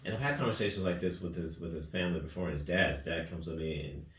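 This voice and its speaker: Low-voiced and fast-talking, a man who coaches young weightlifters spins out a long, earnestly rambling story in casual interview conversation, often ending phrases with "right?" and "man". The sound comes from a far-off mic in an echoey gym, with some faint noise.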